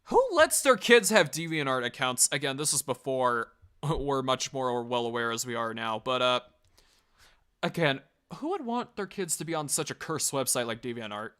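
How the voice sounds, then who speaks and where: A man's voice: medium pitch, big pitch swings, normal speed, fairly bright tone, clean tone. A man casually reviewing and reading out online comments, rambling, swearing and laughing as he goes. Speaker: video reviewer.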